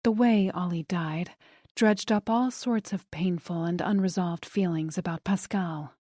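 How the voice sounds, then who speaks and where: A woman narrating an audiobook in a soft, hushed delivery. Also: fairly low pitch, a little slow, dry recording, clean studio sound. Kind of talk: scripted narration.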